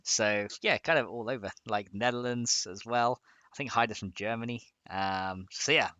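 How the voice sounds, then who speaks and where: A man's voice: medium pitch, normal speed, bright, forceful tone, smooth, no room sound, highs cut off. A man casually chatting on a live stream while modding a game, rambling and laughing often as he reads chat.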